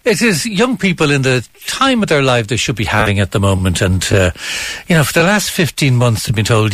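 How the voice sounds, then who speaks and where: A man hosting a radio chat, speaking in an earnest, animated way. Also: mid-range voice, a little fast, no room sound. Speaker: radio host.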